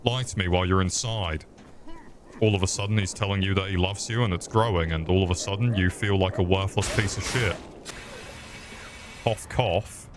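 A man's voice: sits low, normal speed, noisy background. A man streaming a game with crude, mocking comic commentary.

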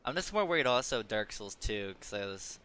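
A man's voice: fairly low pitch, big pitch swings, fairly quick, a bit bright, slight background noise. A young man casually commenting on his own gameplay, muttering and swearing at enemies. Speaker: gameplay streamer.

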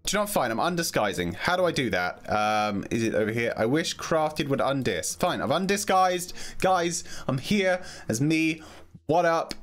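A man commenting excitedly on a video game as he plays, jumpy and quick to laugh. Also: on the high side. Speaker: gaming video host. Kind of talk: gameplay commentary.

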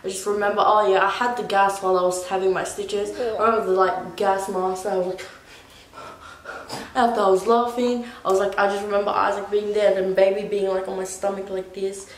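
A woman's voice: medium pitch, little pitch movement, fairly quick. Chatty young woman in an echoey room. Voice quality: rambling, full of "like". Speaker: vlogger. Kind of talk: casual storytelling.

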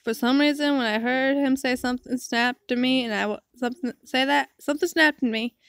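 A young woman plays through a story game and reads it aloud in an earnest, emotional way. Her voice sits a little high and is heard close and dry. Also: steady tone, brisk, fairly bright tone, clear, resonant tone, no room sound. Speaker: game player reading aloud. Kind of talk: reading a visual novel aloud.

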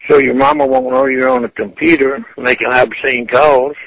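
A man's voice: medium pitch, steady tone, normal speed, creaky, crowd noise. A furious man on a phone call who taunts and curses the caller in a profane rant. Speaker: prank call target. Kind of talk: angry phone argument.

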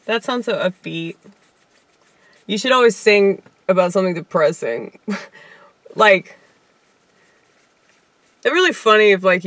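A woman's voice: lowish voice, fairly bright tone, no echo. A woman with a Southern US accent, a comedian rambling in a casual monologue with lots of fillers and chuckles. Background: faint piano keyboard playing.

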